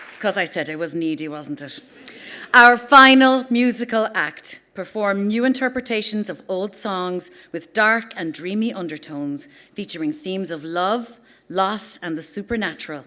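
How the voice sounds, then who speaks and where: A woman's voice: mid-range voice, lively intonation, normal speed, sharp tone, a faint crowd. An Irish woman hosting a live evening on a theatre stage, chatty and self-deprecating as she introduces acts. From Ireland. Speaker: host of the evening. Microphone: stage microphone.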